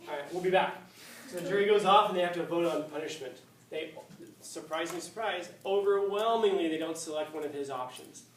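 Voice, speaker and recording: A male teacher telling a story in a casual, joking lecture, with slang and quick asides. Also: fairly high pitch. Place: classroom. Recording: echoey classroom, far mic, faint hiss.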